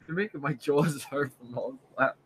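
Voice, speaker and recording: A man's voice: mid-range voice, measured pace, noisy background. A man co-hosting a casual comic book review chat, chiming in with short, dry, teasing remarks. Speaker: comic book podcast co-host.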